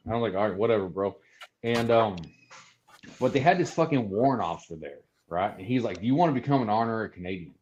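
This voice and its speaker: Male guest, lowish voice, blunt and profane, lo-fi podcast sound. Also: animated, fast, darkish tone, slight background noise. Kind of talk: casual chat. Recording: dull lo-fi sound.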